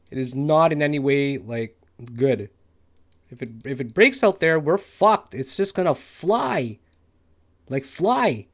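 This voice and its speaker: A tired man giving live commentary on his trades, frustrated and swearing often as he thinks out loud. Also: medium pitch. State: tired from no sleep. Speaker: crypto day trader. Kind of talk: live trading commentary over charts.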